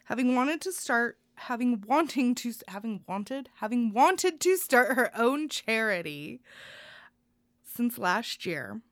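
A young woman with a fairly high voice chats casually as a podcast co-host. She is earnest and heartfelt and often rambles. The sound is close and dry. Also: very animated, slow, a bit bright, no room sound. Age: young adult. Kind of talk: casual news chat.

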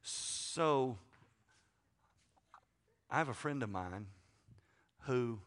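A middle-aged man preaching a sermon, folksy and joking, swinging from loud to quiet asides. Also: mid-range voice, expressive, extremely slow. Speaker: pastor.

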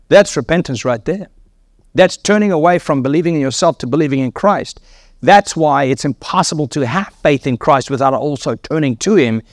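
A man's voice: mid-range voice, no echo, clean studio sound. A man preaching a sermon, emphatic and repetitive, voice climbing sharply on key words.

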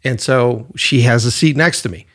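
A man co-hosting a podcast, telling a personal story in a loose, animated way and swearing freely. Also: mid-range voice, moderate pace. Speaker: podcast co-host. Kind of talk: casual storytelling chat.

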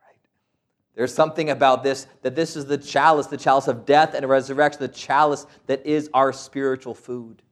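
A man's voice: medium pitch, level tone, moderate pace. A middle-aged man, a priest, preaching a sermon with stories, asides and quoted voices.

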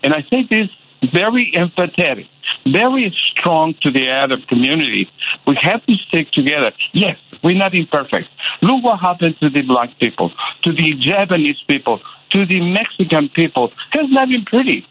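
A man's voice: on the high side, sing-song, a little hiss or hum. Impassioned male caller on a tinny phone line. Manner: passionate, halting, many repeated fillers. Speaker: radio caller. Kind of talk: impassioned call-in.

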